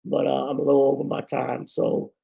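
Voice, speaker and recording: A man hosting a casual solo talk show, rambling from point to point with plenty of asides. His voice is mellow and warm, and he is going a bit hoarse. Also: mid-range voice, completely flat delivery, brisk. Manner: rambling, chatty, with many asides. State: losing his voice. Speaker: host.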